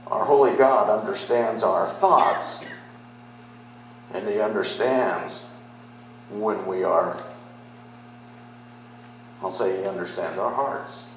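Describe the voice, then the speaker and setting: A man's voice: medium pitch, slow pace, heavy reverb, slight background noise, low-quality recording. A middle-aged man preaching a sermon as pastor, conversational and then rising into emphatic declarations.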